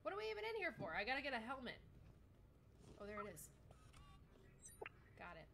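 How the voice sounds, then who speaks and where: Over loud music, a young female streamer gives live commentary on the game she's playing. Her fairly high voice swoops wildly in pitch at a fairly quick pace. She's chatty, reads chat aloud, and swears a lot.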